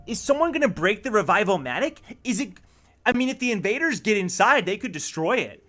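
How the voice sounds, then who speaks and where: Excitable young male game streamer. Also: sits high, a little fast, soft background music. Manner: excitable, animated reactions and speculation. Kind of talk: live let's play commentary.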